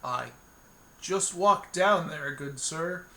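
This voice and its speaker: A man's voice: on the high side, slow, bright, forceful tone, exaggerated voice. A man voicing a mild, polite adventurer who answers with hesitation.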